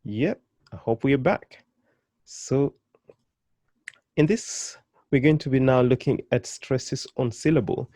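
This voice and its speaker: A man teaching an online beginners' language lesson, encouraging and patient, repeating and drilling each word slowly. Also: medium pitch, dark tone, no room sound, clean studio sound.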